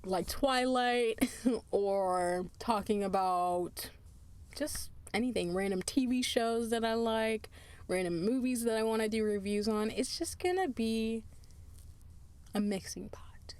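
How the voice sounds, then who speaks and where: A woman's voice: mid-range voice, a little mellow. A woman hosting her own podcast in casual solo chat, tired, chatty and laughing often, drifting into asides. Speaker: podcast host.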